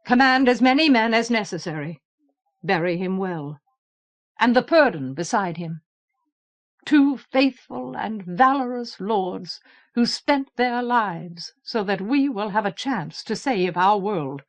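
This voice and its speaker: A woman voicing a brisk, commanding male king in an audiobook, giving orders. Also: medium pitch, expressive.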